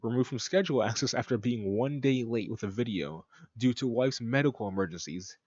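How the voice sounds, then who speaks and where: A man's voice: medium pitch, a little fast, hardly any pauses, a little mellow, no echo, highs cut off. A man reading a document aloud and reacting with profane, mocking asides in casual commentary.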